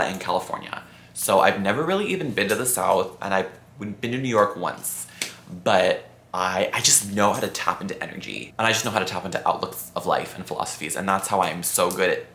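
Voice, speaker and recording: A campy, expressive young man of about twenty chats through a viewer Q&A. His voice sits a little low but comes out bright and forceful. The room around him is echoey, with a faint hiss underneath. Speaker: YouTuber. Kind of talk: casual Q&A vlog.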